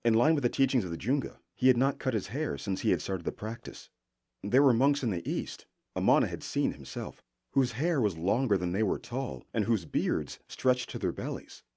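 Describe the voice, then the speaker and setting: A man narrating a fantasy audiobook with expressive storytelling. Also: lowish voice, normal speed, husky.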